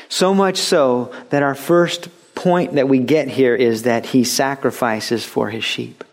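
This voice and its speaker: A man's voice: medium pitch, moderate pace, hardly any pauses. A middle-aged man preaching a sermon as a pastor, talking conversationally and stressing points emphatically.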